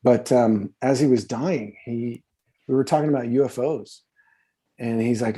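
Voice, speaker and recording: A man's voice: mid-range voice, unhurried, warm tone. A man in his fifties, a podcast guest telling stories in a rambling, profane way, full of fillers and restarts. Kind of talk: casual conversational storytelling.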